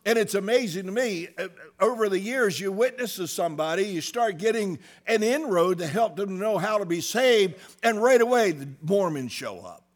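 A middle-aged pastor preaching from the pulpit in a slightly higher-than-usual man's voice. He swings from loud emphatic bursts down to quiet, hushed asides, and stops to check in with the congregation. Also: expressive, normal speed. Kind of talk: sermon.

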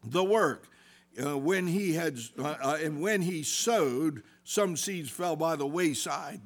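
This middle-aged pastor delivers his sermon slowly from the pulpit, his man's voice pitched a bit higher than usual. Loud, emphatic passages drop into hushed asides, and he stops now and then to check in with his congregation.

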